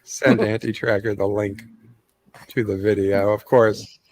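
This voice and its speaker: A man in a casual live-stream chat, speaking haltingly with many ums and uhs. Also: on the low side, level tone, darkish tone, no echo.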